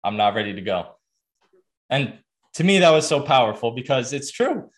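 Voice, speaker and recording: A man's voice: mid-range voice, sing-song, moderate pace. A young adult man hosting a podcast, telling a story in a casual, earnest way with lots of fillers and restarts. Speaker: podcast host.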